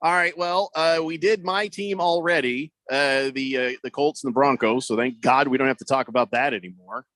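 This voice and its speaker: A man's voice: medium pitch, moderate pace, hardly any pauses, fairly bright tone, no room sound. A man hosting a sports talk radio show, rambling and joking with many fillers on a studio microphone.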